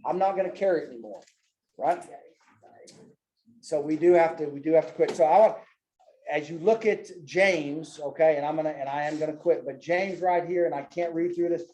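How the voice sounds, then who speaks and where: A man's voice: a little high, normal speed, darkish tone, reverberant, slight background noise. Folksy man teaching a Bible class. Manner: folksy, loose, keeps saying "man" and "right?". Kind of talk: casual teaching with personal stories. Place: church classroom with a group.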